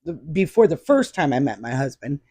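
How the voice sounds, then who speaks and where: A woman's voice: low voice, sing-song, brisk, breathy edge, no echo, clean studio sound. A woman in her fifties, a podcast guest, telling stories in a chatty, anecdotal way. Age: 50s. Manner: warm, chatty anecdotal storyteller. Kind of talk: casual storytelling chat.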